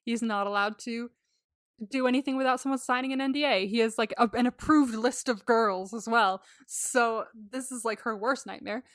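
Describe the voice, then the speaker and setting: A woman's voice: fairly high pitch, steady tone, moderate pace, dry recording, clean studio sound. A woman co-hosting a podcast, recapping a story in casual chat, swearing freely, laughing often and acting out the lines she quotes. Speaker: podcast co-host.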